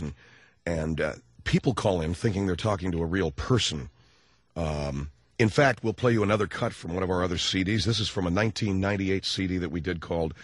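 A man hosting a call-in radio talk show, joking loosely and laughing easily, hoarse from laryngitis. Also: sits low, dry recording.

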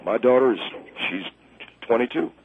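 A man calls in to a radio show for a prank call, flustered and apologetic, stumbling over his words and repeatedly saying ma'am. His medium-pitched voice is expressive at a normal speed, coming through a tinny phone line with a little hiss or hum.

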